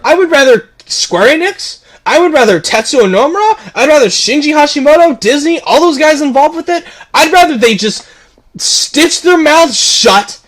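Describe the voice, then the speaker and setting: A man's voice: very high voice, fairly bright tone. A man delivering a heated, profane rant to camera as a gaming video creator, repeating himself and stumbling over restarts. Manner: heated, repetitive, profane ranting with stammered restarts.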